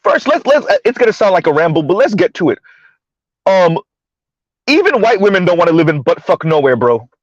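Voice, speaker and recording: A man's voice: a little high, sing-song, brisk, long pauses, dry recording, dull audio. A man hosting a live stream, ranting and mocking as he comments, often swearing and laughing.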